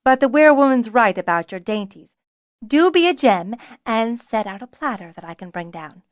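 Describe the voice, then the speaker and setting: A woman voicing a brisk, no-nonsense housekeeper with a dry, fond manner. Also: a little high, animated, dry recording, lightly acted.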